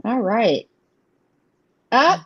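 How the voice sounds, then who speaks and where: Woman in her thirties, easygoing giggly live-stream host, lively pitch, muffled lo-fi audio. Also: very slow, husky. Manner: laughs often, chatty and rambling. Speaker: host of live tarot readings. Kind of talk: casual live-stream chat.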